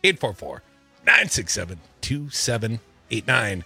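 A male talk radio host in casual political chat, reading legal text aloud with sarcastic asides and animated outbursts. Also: mid-range voice, measured pace, vocal fry, slightly rough, soft background music.

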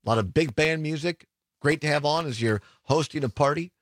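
A man hosting a radio talk show in casual, upbeat chat, laughing easily and slowing down for phone numbers. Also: fairly high pitch, no echo.

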